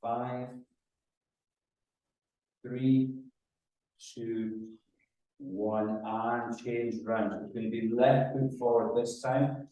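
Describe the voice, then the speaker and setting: A man leading a guided exercise class as a running rehab coach, giving calm cues and counting down reps. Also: medium pitch, very slow, pauses often. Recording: very echoey room, mic far off.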